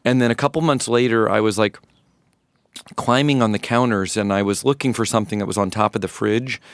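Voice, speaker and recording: A musician in his fifties from rural North Florida, USA, appears as an interview guest, telling a personal story in a reflective, halting way with many restarts. His voice sits on the low side, with no echo.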